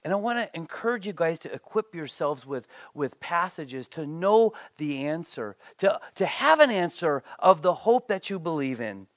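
A pastor preaching a sermon in an animated way, often repeating words and briefly acting out the people quoted. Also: mid-range voice, moderate pace, few pauses, no echo.

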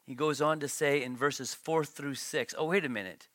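Middle-aged male pastor, lively sermon delivery, bright forceful tone, dry close sound. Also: on the high side, normal speed, no echo. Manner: animated preaching, voice climbing when storytelling.

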